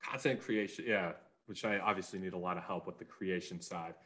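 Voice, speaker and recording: A man's voice: sits low, fairly even intonation, brisk, a bit bright. A man hosting a podcast, casual and self-deprecating, with hesitant fillers. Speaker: podcast host. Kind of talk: casual interview chat.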